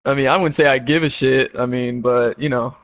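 A man's voice: medium pitch, fairly even intonation, brisk, no echo. A man chatting casually with a streamer, offhand and shrugging. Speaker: tournament player. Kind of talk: casual chat.

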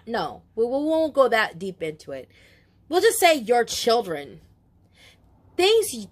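A woman talks through a tarot reading in a loose, chatty way. She gets emotional, drifts into asides and swears now and then. Her voice sits at an ordinary middle pitch. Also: fairly bright tone. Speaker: tarot reader. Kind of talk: casual spoken tarot reading.

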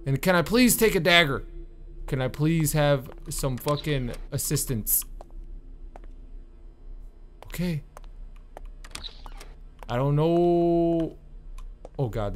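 A man's voice: fairly high pitch, a little hiss or hum. Exasperated man commentating a game. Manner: exasperated, swearing, loud outbursts. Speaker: gaming YouTuber. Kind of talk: let's-play commentary.

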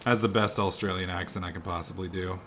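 A young man giving sarcastic, profane let's play commentary, swinging between muttering and excited shouting. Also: low voice, quick pace, slight background noise. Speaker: gaming commentator.

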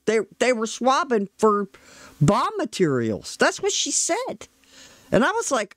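A woman's voice: medium pitch, huge pitch swings, normal speed, dry recording, studio quality. A woman commentator telling a rambling personal story in a chatty, exasperated way, with frequent asides. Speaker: commentator reacting to a trial. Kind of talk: casual storytelling.

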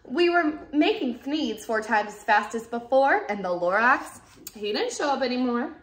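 A woman teacher reading a rhyming storybook aloud, lively and expressive. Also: a little high, normal speed. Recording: roomy echoey room.

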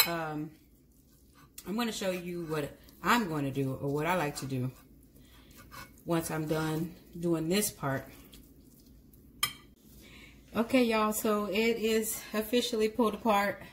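A woman's voice: lowish voice, measured pace, long pauses, slight background noise. A woman giving a casual cooking demonstration in a chatty way, often correcting herself and speaking directly to her viewers. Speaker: cooking vlogger.

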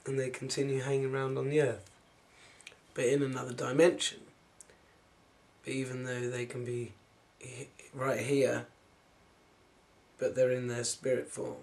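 A man talks through spiritual ideas in a loose, wandering monologue. His voice sits at an ordinary middle pitch, and his sentences often drift off or restart as he thinks aloud. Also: monotone, measured pace, creaky, pauses often. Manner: musing, wandering, with soft laughs and trailing-off phrases. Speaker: spiritual vlogger.

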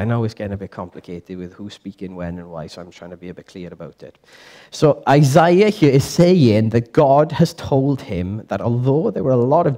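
A young man teaching a Bible passage to a church group in a casual, lively way, asking the audience questions and correcting himself as he goes. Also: medium pitch. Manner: lively, chatty, quizzes the audience, self-correcting. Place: church meeting room.

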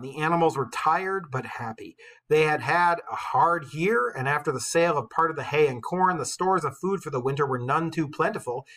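A male teacher reading a novel aloud with expressive storytelling, pausing to comment for his class. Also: on the high side, breathy edge, poor audio.

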